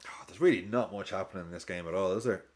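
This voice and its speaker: A man hosting a live football watch-along stream, casually chatting with viewers and reacting to the match. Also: quick pace. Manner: chatty, reacts to play and reads chat aloud; lively swings in pitch.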